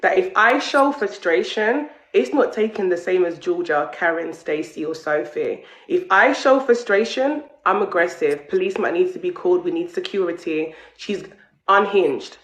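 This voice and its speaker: A woman's voice: on the low side, expressive, moderate pace, roomy sound, poor audio. A woman on a discussion panel, earnestly explaining her own experiences at length. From United Kingdom.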